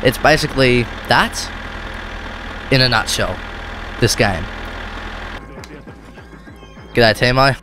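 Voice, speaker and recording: A man's voice: mid-range voice, measured pace, music in the background. A man with an Australian accent giving loose, rambling gameplay commentary, often correcting himself mid-sentence. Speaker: gaming video host. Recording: car engine noise behind.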